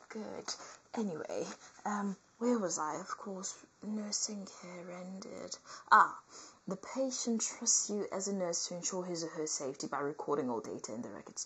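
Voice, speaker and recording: Theatrical woman, whispers then shouts. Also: medium pitch, husky, rough recording. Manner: theatrical, swings between whispered asides and loud outbursts. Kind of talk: comedic reading of a nursing workbook with asides.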